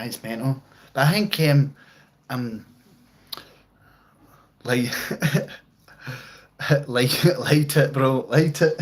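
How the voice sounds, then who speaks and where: A man's voice: medium pitch, low-quality recording. A man with a Glaswegian Scottish accent chatting on a live stream, rambling and swearing in a jokey, laid-back way while reading out viewers' comments. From Scotland, outskirts of Glasgow. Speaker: livestreamer. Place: at home with guitar and amp.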